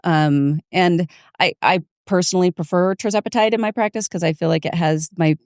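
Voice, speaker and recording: A woman's voice: lowish voice, brisk, no room sound, studio quality. A woman nurse midwife co-hosting a health podcast, speaking earnestly and frankly about her practice. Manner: earnest, frank clinical opinions. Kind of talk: casual medical podcast chat.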